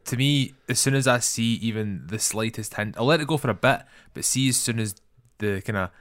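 A man's voice: mid-range voice, a little fast, fairly bright tone, no room sound. A Scottish man co-hosting a podcast, bluntly and animatedly criticizing a film in casual chat and swearing freely. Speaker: podcast co-host.

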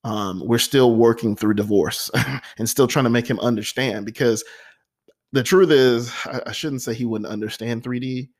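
A man's voice: medium pitch, moderate pace. A man hosting his own talk show, speaking earnestly and from the heart about his life, often repeating phrases. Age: adult with a nine-year-old son. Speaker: podcast host. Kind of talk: personal motivational monologue.

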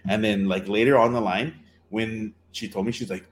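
A man's voice: lowish voice, fairly even intonation, moderate pace, slight background noise. A man in casual chat, telling a dating story in a rambling way with many fillers and restarts.

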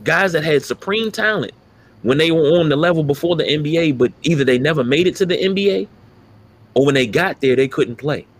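A man's voice: a little high, a little fast. A man co-hosting a casual sports talk podcast, emphatic and profane as he rants about players. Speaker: podcast co-host.

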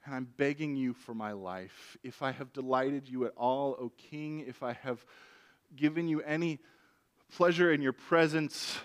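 A man's voice: medium pitch, unhurried, lightly acted. A man voicing a desperate pleading queen. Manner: impassioned, begging.

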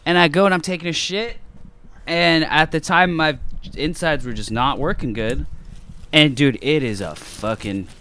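A man telling a crude story in casual chat, animated and profane. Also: on the high side, moderate pace, a little hiss or hum.

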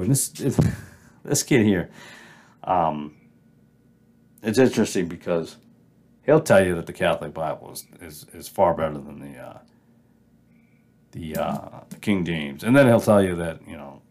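Argumentative North Dakota man, low voice. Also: a little mellow. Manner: argumentative, emphatic, rambling. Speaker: podcast host. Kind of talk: casual solo commentary on Bible versions. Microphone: amateur home mic, moves off-mic when turning.

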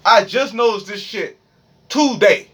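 A man's voice: high voice, measured pace, fairly bright tone, slightly rough. A young man with a Washington, D.C. accent, rambling profanely and animatedly through a freestyle monologue. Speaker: streamer.

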